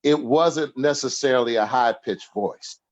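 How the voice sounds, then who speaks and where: A man's voice: mid-range voice, unhurried. A man in his sixties, a podcast guest telling humorous stories with frequent laughter. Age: 60s. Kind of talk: casual storytelling interview.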